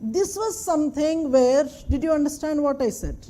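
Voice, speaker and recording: High-voiced woman lecturing, mellow tone. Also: animated, normal speed. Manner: emphatic, repeats points and checks the class follows. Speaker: anthropology lecturer. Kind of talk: classroom lecture.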